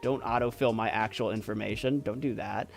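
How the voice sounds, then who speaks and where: A man's voice: on the low side, steady tone, brisk, gravelly, soft background music. A man streaming, reading on-screen text aloud and adding wry, amused asides.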